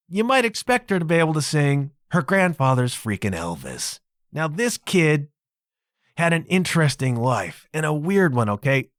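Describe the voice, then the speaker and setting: Male solo podcast host, emphatic and chatty, animated delivery, dry close mic. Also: fairly high pitch, no echo. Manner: emphatic, conversational, keeps checking in with the listener.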